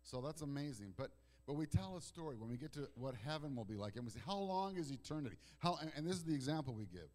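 Man preaching with dramatic loud-soft swings. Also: fairly high pitch, lively intonation. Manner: dramatic swings between loud declarations and hushed, slow passages; repeats words and restarts phrases. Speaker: pastor. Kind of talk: sermon. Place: church sanctuary.

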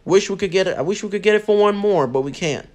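A man giving casual, excitable commentary over his own mobile basketball game and talking straight to his viewers. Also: sits high, fast talker. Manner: excitable, talks to viewers, says man and bro a lot. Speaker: mobile game channel host.

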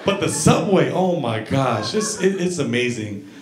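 Comedian guy telling stories on stage, lively up-and-down voice, roomy club, crowd laughing. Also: mid-range voice, a little slow. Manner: animated storytelling, acts out scenes. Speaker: stand-up comedian. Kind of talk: stand-up comedy set. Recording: echoey club, audience laughter.

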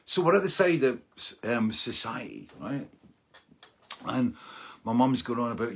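A middle-aged man with a husky, slightly breathy voice. His pitch sits in an ordinary middle range. He hosts a live-streamed show and tells a long, wandering story, laughing often and checking in with his listeners along the way. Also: a little slow, long pauses. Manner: rambling and animated, laughing often and tagging lines with "right?". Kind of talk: casual anecdotal storytelling.

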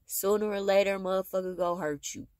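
A worn-out woman pours out a bitter, swearing monologue, breaking it with heavy sighs. She talks straight into her phone, and the sound is dry and close, with no room echo. Her voice sits at an ordinary middle pitch for a woman. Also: steady tone, brisk, darkish tone. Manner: bitter, profane, weary venting with heavy sighs. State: tired. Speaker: vlogger. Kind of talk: emotional venting monologue.

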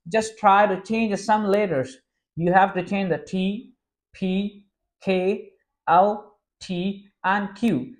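A Pakistani-accented man whose speaking voice sits high for a man teaches English in an informal lesson. His first language is Sindhi, and he keeps reassuring his students, repeating himself and restarting sentences as he goes. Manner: reassuring, repetitive, frequent restarts.

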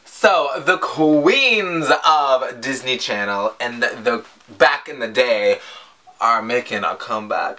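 A man reacting to a pop song in a vlog, gushing, swearing and squealing with excitement. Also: mid-range voice, unhurried, slight background noise. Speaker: music reaction vlogger. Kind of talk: over-the-top reaction vlog.

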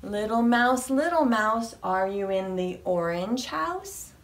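A woman with a New England accent leading a preschool storytime at a library, animated and sing-song, with high squeals on reveals. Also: slow pace, a little hiss or hum. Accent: New England American. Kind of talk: preschool storytime with rhymes and songs. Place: library room. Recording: echoey room, mic at a distance.

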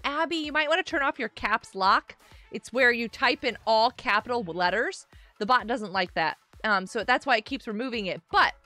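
A bright, high-voiced young woman chats to her stream viewers in a bubbly, giggly way. Her pitch swings up and down a lot as she talks. Faint music plays underneath. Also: dry recording. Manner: bubbly, chatty, laughs often, talks to chat. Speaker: livestream host. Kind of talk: casual gaming livestream chat.

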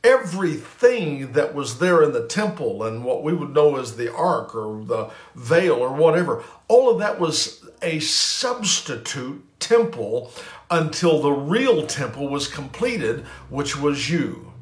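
A man preaching a sermon with emphatic, repeated lines and frequent restarts. His voice sits a little high, and the recording carries a clear room echo. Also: sing-song, unhurried. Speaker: pastor.

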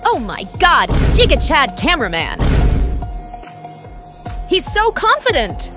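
High, wildly swooping excited woman. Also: slow, music in the background. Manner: dramatic gasping exclamations, swooping from squeals to low murmurs. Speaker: reaction video host. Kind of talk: excited reaction commentary.

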